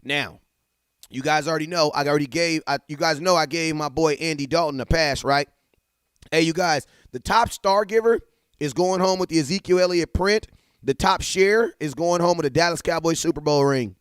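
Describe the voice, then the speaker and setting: A young man hosting a casual sports fan livestream from his computer at home, hyped and slangy, giving shout-outs straight to his chat. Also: on the high side, moderate pace, clean tone, no echo, clean studio sound. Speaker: livestream sports talk host.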